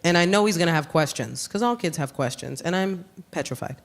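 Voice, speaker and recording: A brash woman with a New York accent working a comedy club crowd on a handheld mic. Her punchlines jump up loud and animated. The live recording carries clear room noise around her. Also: lowish voice, a little fast. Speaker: stand-up comedian. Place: comedy club stage with audience.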